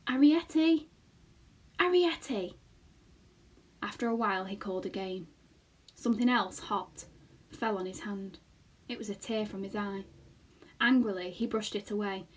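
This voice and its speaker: A woman teacher reading a children's novel aloud in a slow, expressive storytelling manner. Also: mid-range voice, low-quality recording.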